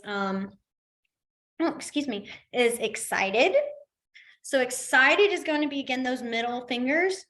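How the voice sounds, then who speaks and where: Woman, instructor, fairly high-pitched, chatty, casual teaching, everyday examples. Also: sharp tone. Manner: chatty, explains with everyday examples, laughs easily. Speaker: sign language instructor.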